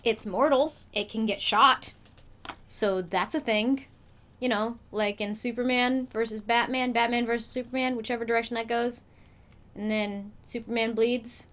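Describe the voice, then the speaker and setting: A woman hosting a let's play, giving casual game commentary in an animated, rambling way with playful asides. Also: a little high, moderate pace.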